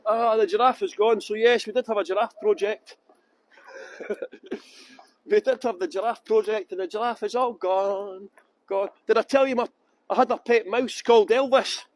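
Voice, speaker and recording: A man's voice: high-pitched, steady tone, moderate pace, poor audio. A man with a Scottish accent from Edinburgh, guiding a live-streamed walking tour outdoors on city streets and talking in a jokey, self-mocking, chatty way into a handheld phone. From Scotland.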